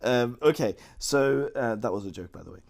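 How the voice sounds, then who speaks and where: This playful man teaches Chinese online, his medium-pitched voice animated and touched with vocal fry. He takes his explanations slowly and peppers them with jokes.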